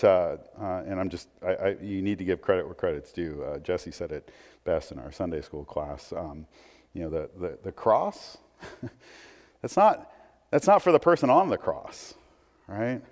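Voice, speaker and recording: A man's voice: deep voice, animated, normal speed, a little mellow. A man preaches in a church, moving between a plain conversational tone and bursts of emphasis. His voice rings with a long hall reverb. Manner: conversational preaching with asides and restarts. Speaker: pastor. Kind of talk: sermon.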